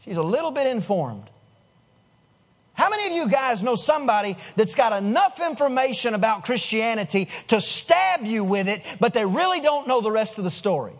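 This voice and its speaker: A man's voice: very high voice, sing-song, moderate pace. A man preaching a sermon as pastor, in a conversational way, putting questions to the congregation and restarting his words.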